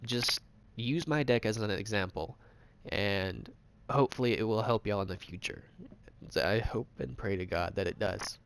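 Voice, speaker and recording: A man's voice: on the low side, vocal fry, fairly bright tone, slight background noise. Rambling, profane young gamer guy. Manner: rambling, profane, fast talk with restarts. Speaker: gaming channel host. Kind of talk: casual game tutorial voice-over.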